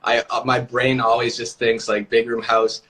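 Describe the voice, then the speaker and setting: A music producer guest chats casually on a live-stream video call, talking loosely and relaxed with plenty of filler words, especially "like". His voice is medium-pitched and moderately paced.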